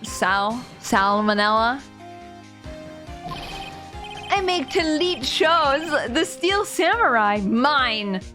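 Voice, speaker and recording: A woman streamer with a somewhat high voice talks her way through a game at an unhurried pace, giggling and reading dialogue aloud. She breaks into loud, excited outbursts now and then. Faint game music plays underneath. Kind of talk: live game stream commentary.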